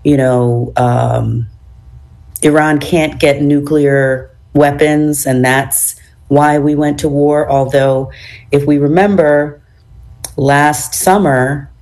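A low-pitched woman hosts a radio talk show, her voice hoarse with a froggy, raspy edge from a cold. Her tone is dark and mellow, and she speaks in a measured way, filling pauses with ums and uhs. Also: steady tone.

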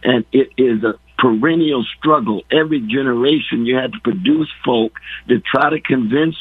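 A man with a hoarse, husky voice holds forth as a radio guest, sermon-like and impassioned, drawing words out for weight. His voice comes through a tinny phone line, dry and close, with no room around it. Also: medium pitch, dry recording. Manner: preacherly, slows down for emphasis. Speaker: guest commentator. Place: indoors.

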